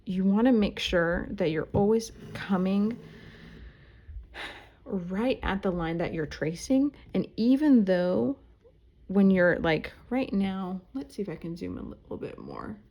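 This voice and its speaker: A woman's voice: medium pitch, big pitch swings, unhurried, dark tone, muffled recording. A woman, teaching embroidery at home in a chatty, self-deprecating way. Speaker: embroidery instructor. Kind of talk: casual tutorial talk while stitching. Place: at home, indoors.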